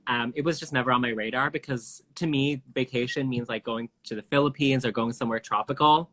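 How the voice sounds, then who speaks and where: A man's voice: medium pitch, a little fast, a bit bright. A man hosting a casual live stream chat, talkative, full of fillers, laughing easily. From Canada. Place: home, video live stream.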